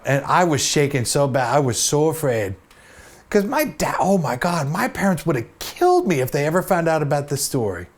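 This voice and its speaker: Host, male, 50s, casual storyteller with an animated, up-and-down delivery, chatty and self-deprecating. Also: on the high side, normal speed.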